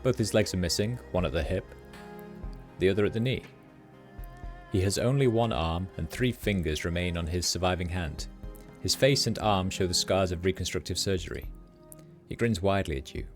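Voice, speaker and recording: A man streaming a game, reading its narration aloud in a steady, descriptive way. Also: sits low, normal speed, faint music behind.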